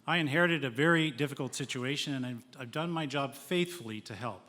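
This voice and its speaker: A man who is the sitting mayor gives a steady, measured debate statement, ticking off points one after another. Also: mid-range voice. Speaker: incumbent mayor. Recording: long reverb in a convention hall.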